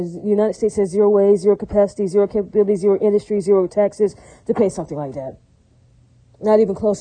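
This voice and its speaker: Woman rambling fast, preachy, keeps asking does that make sense, really dark voice. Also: mid-range voice, poor audio. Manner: preachy, religious phrases. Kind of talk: casual monologue.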